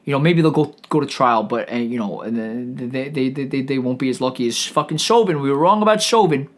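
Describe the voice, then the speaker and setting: A man's voice: mid-range voice, fairly quick. A man hosting a comedy podcast, delivering a sarcastic, profane rant that rambles along with frequent stammered restarts.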